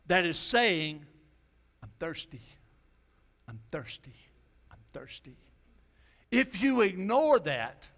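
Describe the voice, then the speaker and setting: A male pastor delivers a homespun sermon. His voice sits a little high for a man, and he sinks to a hushed tone whenever he quotes scripture or other people. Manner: folksy preaching, drops to soft quoted asides.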